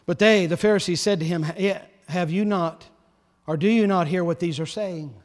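Preaching at a normal pace, this man has a voice pitched high for a male speaker. His passionate delivery rises loud before sinking almost to a whisper, and the church setting leaves a long reverb behind each line, like a pastor at the pulpit.

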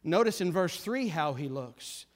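A man preaching a sermon with fervent emphasis, repeating phrases and swinging between urgent force and hushed gravity. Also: a little high, expressive, unhurried.

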